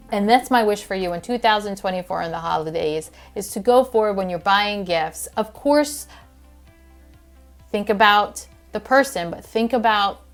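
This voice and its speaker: A woman hosting a health podcast, talking in a casual, earnest and heartfelt way with fillers and restarts. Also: mid-range voice. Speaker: podcast host and functional health practitioner.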